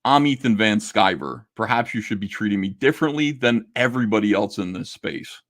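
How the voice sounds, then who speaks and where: A man's voice: on the low side, fairly quick, a bit bright. A middle-aged man, a comic artist and YouTuber, talking to camera in a casual monologue, blunt and indignant, swearing and stumbling over restarts.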